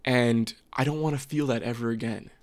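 A young man in his twenties rants straight to the camera, swearing freely and speaking with restless, earnest bluntness. His voice is smooth and clear, sitting at an ordinary middle pitch. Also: steady tone, a little fast. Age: 20s. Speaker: vlogger. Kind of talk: unscripted rant to camera.

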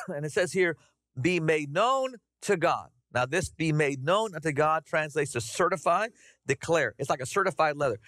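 Animated pastor. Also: male voice, a little high, no room sound, studio quality. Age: middle-aged. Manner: conversational, animated, addressing the congregation. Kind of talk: sermon. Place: church sanctuary.

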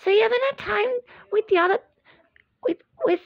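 A woman voicing her toys in a play-acting video, squeaky and bickering as she switches between characters. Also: a little fast, creaky, no echo, dull audio.

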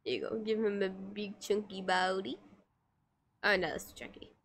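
A woman's voice: mid-range voice, level tone, normal speed, fairly bright tone. A woman streamer chatting casually with her viewers while she draws, giggly and playful as she teases her chat.

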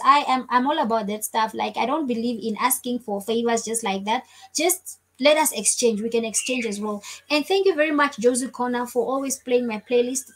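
A woman's voice: a little high, fairly bright tone, poor audio. A woman hosting a casual live stream, chatting effusively and thanking viewers over and over. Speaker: livestream host.

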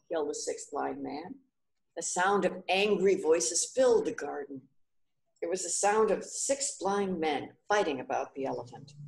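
A woman reading a children's story aloud clearly and expressively. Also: sits low, measured pace, a little mellow, reverberant.

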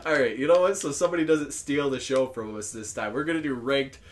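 A man's voice: mid-range voice, quick pace, a crowd in the background. A man hosting a gaming video, commenting on the match while laughing almost constantly. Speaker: let's-play host.

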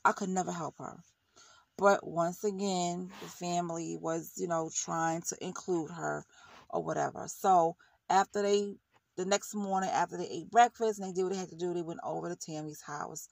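A woman's voice: on the low side, fairly even intonation, moderate pace, creaky, darkish tone, no room sound. A woman vlogger giving blunt, heated commentary on a reality show, ranting in casual slang.

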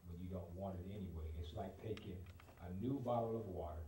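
A man's voice: low-pitched, steady tone, a little fast, warm tone. A man preaching a live sermon, emphatic and repetitive, speaking straight to his congregation. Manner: emphatic, repeats himself, talks directly to the congregation. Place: church. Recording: roomy, far from the mic, noisy live stream.

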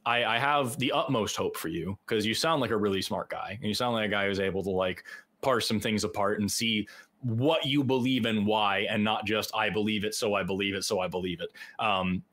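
A man co-hosting a call-in show. He talks in a loose, chatty way, often throwing in quick jokes at his own expense. His pitch sits in an ordinary middle range. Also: a bit bright. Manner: loose and chatty, quick laughs and self-mocking asides. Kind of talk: casual call-in show talk.

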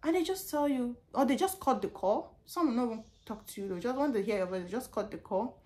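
A woman's voice: a little high, fast talker. A young Nigerian woman with a Nigerian accent, a customer service representative chatting casually in a vlog about her job and telling stories with lots of repetition. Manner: animated storytelling with laughs and repetitions.

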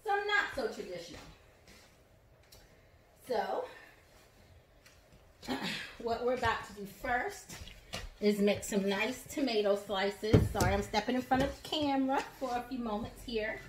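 A woman's voice: fairly high pitch, lively intonation, unhurried, long pauses, a little hiss or hum. A woman with a Southern US accent giving a chatty, encouraging cooking demonstration in her home kitchen, calling her viewers y'all and honey. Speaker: home chef. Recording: echoey kitchen, voice from a distance.

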